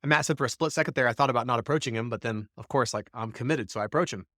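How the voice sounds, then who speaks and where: A man co-hosting a podcast, spinning a long story in an easygoing, animated way. He slips into the voices of the people he quotes. His voice sits in a middle register and the sound is close and dry, with no room around it. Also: mid-range voice, rapid-fire, no room sound. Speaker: podcast co-host. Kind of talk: casual storytelling.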